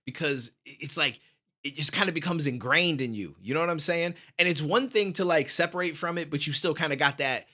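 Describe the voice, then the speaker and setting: A man talks fast in a casual, energetic reaction-video chat, heavy on slang. His voice sits a bit high and sounds bright and forceful. He records at home into a studio microphone.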